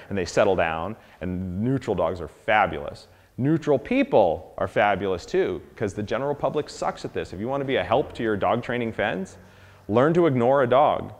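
A man giving a casual, animated dog-training lesson, acting out dogs and people in quick quoted voices. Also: lowish voice, in a large hall. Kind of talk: casual instructional talk.

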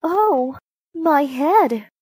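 A woman's voice: high voice, expressive, very slow, darkish tone, no room sound, voice pushed up, full character voice. A woman voicing a sweet, trusting young princess in a storybook reading. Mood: breathless. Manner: breathless and eager.

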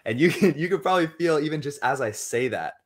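A young man guest in a casual interview, talking in an animated way, acting out inner voices and swearing casually. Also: a little high, fast. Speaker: interview guest, money coach.

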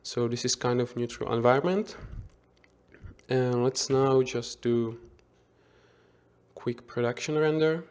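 A man giving an unscripted software tutorial as instructor, thinking aloud with frequent restarts and self-corrections. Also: mid-range voice, slow, long pauses, smooth. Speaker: 3D visualization instructor.

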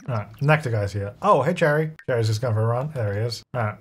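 A man's voice: medium pitch, quick pace, few pauses, breathy edge. A man giving casual let's-play commentary, chatty and narrating his own moves, laughing often. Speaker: gaming video creator.

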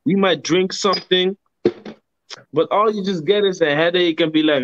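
A man's voice: high-pitched, normal speed, a bit bright, a little hiss or hum. A man on a casual live stream discussing scripture, talking in an emphatic, slangy way, ending sentences with "man" and swearing freely. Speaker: co-host of a religious live stream. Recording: dull, dry sound.

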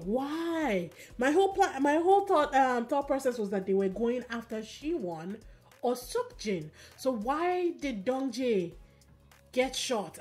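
A woman giving a casual, animated recap of a competition show, telling the story quickly with fillers and quick asides. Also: medium pitch. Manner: animated, fast storytelling with fillers and acted quotes. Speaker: recap vlogger.

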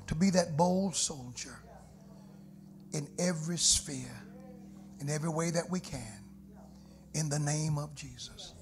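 A middle-aged pastor, preaching a sermon live in a church with dynamic swings from soft prayerful murmurs to loud shouted lines. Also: male voice, on the high side, normal speed, long pauses, a little hiss or hum. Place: church sanctuary. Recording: live church livestream with organ music behind. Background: musical instruments.

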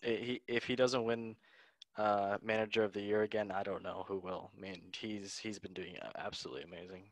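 A man's voice: lowish voice, steady tone, fairly quick, creaky, no echo. A young man hosting a casual football chat, playful and laughing often as he runs through match scores. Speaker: podcast host.

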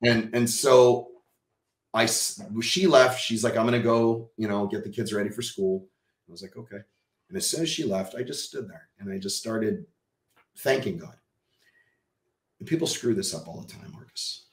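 Man, fairly low voice, animated storyteller, podcast guest, swears casually, roomy echo. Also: moderate pace. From Texas. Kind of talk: personal storytelling in an interview.

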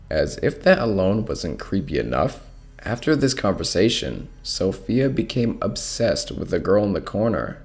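A man reading a first-person horror story aloud with expressive narration. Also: deep voice, moderate pace, soft background music.

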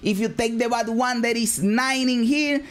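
A woman's voice: fairly high pitch, steady tone, moderate pace, faint music behind. A woman reacting to clips in scripted commentary, emphatic and calling everyone "brother". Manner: says "brother" constantly, emphatic. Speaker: video commentator.

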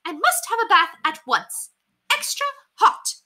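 A woman's voice: sing-song, unhurried, sharp tone, exaggerated voice. A woman voicing a fussy, haughty noble lady who is easily horrified, in a storybook reading. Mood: appalled. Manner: shrill, prissy, climbing higher.

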